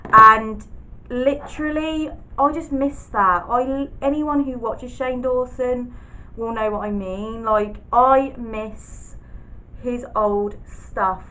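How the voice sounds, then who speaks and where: A woman's voice: a little high, slow pace, bright, forceful tone, poor audio. A young woman chatting casually to camera as a vlogger, swearing often and poking fun at herself. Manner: chatty, sweary, self-mocking.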